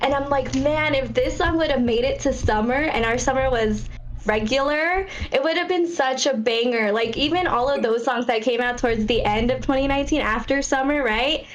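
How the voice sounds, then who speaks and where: A woman's voice: high voice, moderate pace, dull audio. A young woman co-hosting a podcast in casual chat, bubbly and full of fillers and laughs. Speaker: podcast co-host.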